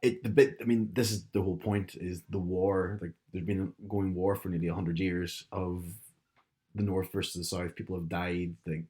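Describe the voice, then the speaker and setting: Animated young Northern Irish man. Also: deep voice, normal speed. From Northern Ireland. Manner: animated, explains at length with restarts. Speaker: podcast co-host. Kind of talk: casual chat.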